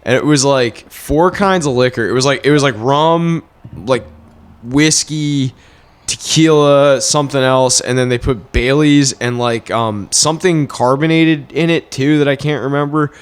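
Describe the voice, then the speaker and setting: A man's voice: medium pitch, a little slow, clear, resonant tone. A man co-hosting a casual podcast, telling rowdy stories full of swearing and laughter. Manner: swearing storyteller, laughs a lot, loud when acting out quotes. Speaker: podcast co-host. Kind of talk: casual chat.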